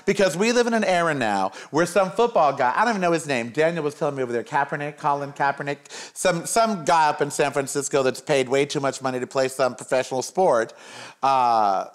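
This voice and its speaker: Sarcastic ranting man, higher voice. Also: brisk. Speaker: host. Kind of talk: casual opinion monologue.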